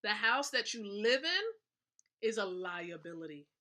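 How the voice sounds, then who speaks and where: A woman's voice: medium pitch, very animated, takes it slowly, pushed and bright. A woman hosting a live stream, giving a motivational business talk in an emphatic way, repeating her points and checking in with her listeners. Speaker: livestream host.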